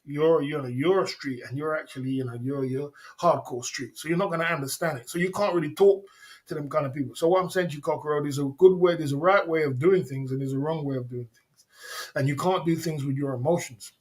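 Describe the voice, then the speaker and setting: Guy rambling on his livestream, street slang, says the same thing over and over, kinda high voice. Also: a little fast, darkish tone. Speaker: livestream host. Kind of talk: casual livestream chat reading viewer comments.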